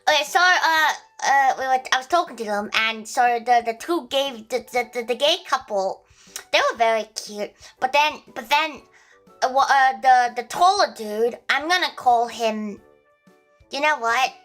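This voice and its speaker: Woman streamer, high and bright, casual rambling storyteller with lots of restarts and laughs; faint music bed. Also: lively intonation, a little slow. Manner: rambling, many restarts, laughs at own jokes.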